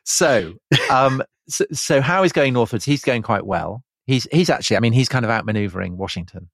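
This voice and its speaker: A man's voice: medium pitch, lively intonation, fairly quick, dry recording, clean studio sound. A man co-hosting a podcast, who talks in a thoughtful, hedging way. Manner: thoughtful, hedging with "I think" and "kind of". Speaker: podcast co-host. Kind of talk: casual history chat.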